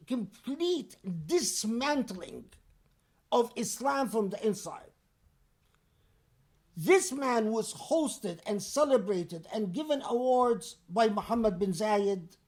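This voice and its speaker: A man preaching a Friday sermon in a deliberate, emphatic and pointed way. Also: high voice, lively intonation.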